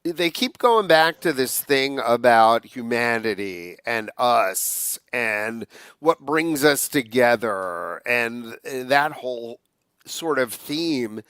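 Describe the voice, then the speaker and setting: Man, podcast host, casual chat, dry sound, mid pitch. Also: lively intonation, takes it slowly, fairly bright tone, clear, resonant tone, dry recording. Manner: conversational, steering the talk.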